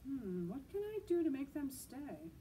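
A woman's voice: high voice, very animated, unhurried, mellow, slight background noise, voice pushed up. A woman voicing a young, boastful, lonely male dragon in a children's storytime reading, eager and pleading. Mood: scheming.

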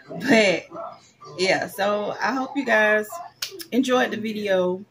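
A young adult woman vlogging in a casual chat straight to her viewers, expressive and swinging between excitement and a lower, drained tone. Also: measured pace, long pauses.

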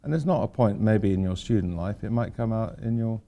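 A man's voice: on the low side, brisk, mellow. An older man giving an informal architecture lecture to students, rambling with wry, self-deprecating asides. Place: lecture hall at a university.

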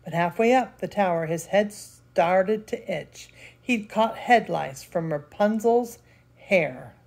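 An older woman, a grandmother, reading a picture book aloud with lively expression. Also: mid-range voice, slow pace. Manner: expressive, laughs between lines. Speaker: storyteller.

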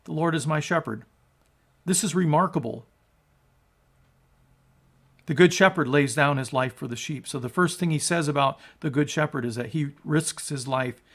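A man's voice: on the high side, normal speed, pauses often, fairly bright tone. A man preaching a sermon as a pastor, emphatic and conversational, asking his listeners rhetorical questions. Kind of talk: sermon on scripture.

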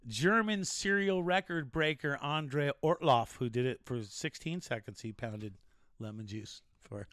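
A man's voice: medium pitch, measured pace, a bit bright, dry recording, studio quality. A man hosting a casual show, joking and rambling through odd news stories with restarts. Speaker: show host.

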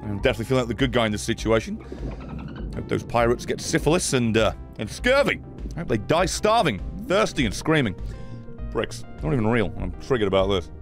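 A man giving profane, excitable let's play commentary, often yelling at the game. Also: medium pitch, brisk, soft background music. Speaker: gaming channel host.

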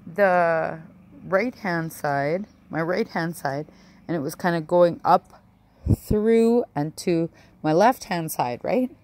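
A woman's voice: lowish voice, a little mellow. A woman telling a rambling, emotional personal story in a casual home vlog, often adding "right?" and "like". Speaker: vlogger.

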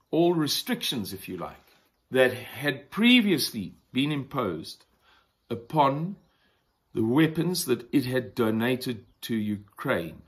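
A man with a South African accent hosting a weekly news review, talking deliberately and opinionatedly, pausing to explain words. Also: mid-range voice. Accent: South African English. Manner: deliberate, opinionated, pauses to define terms. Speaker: news commentary host.

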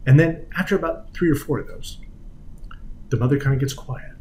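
A man giving a conference lecture on patient communication in an explanatory way, often trailing off softly at the ends of phrases and now and then acting out quoted voices. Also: mid-range voice, brisk, a little hiss or hum, rough recording. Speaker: physical therapy lecturer.

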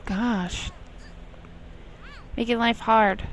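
Speaking very slowly in a slightly high voice with fairly even intonation, a young woman gives casual let's play commentary on her life-sim game. She talks to herself and scolds her characters in exasperated asides, on a low-quality recording with slight background noise.

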